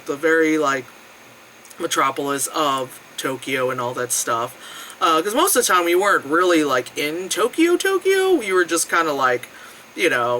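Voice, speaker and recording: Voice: slight background noise, poor audio. A vlogger telling a travel story in a casual, rambling way, full of fillers and frequent swearing. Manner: animated, jumping between high and low tones.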